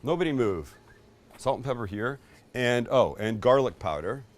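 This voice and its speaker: A man's voice: mid-range voice, expressive, moderate pace, recorded from a distance. A middle-aged man hosting a casual cooking demonstration in his backyard, chatty, jokey and emphatic. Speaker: cooking show host. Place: outdoor backyard kitchen.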